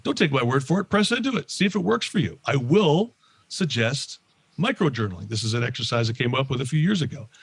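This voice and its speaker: A middle-aged man speaks with a husky edge as he gives an upbeat motivational talk. He slips into lively little voices for his own inner thoughts, often with a laugh. The recording is dry and close. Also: medium pitch, quick pace, no room sound. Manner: animated, self-quoting, laughs often. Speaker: leadership trainer, podcast guest.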